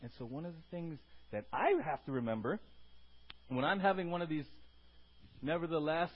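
A man preaching a sermon as a pastor. He moves between loud, emphatic teaching and soft, quiet asides, and he calls out to the congregation for responses. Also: fairly high pitch, normal speed, pauses often, husky, dull audio.

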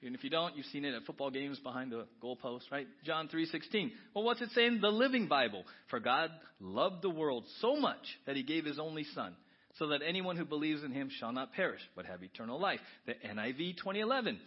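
Husky-voiced pastor preaching animatedly. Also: male voice, on the high side, brisk, highs cut off. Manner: animated, swings from soft to loud exclamations. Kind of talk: sermon.

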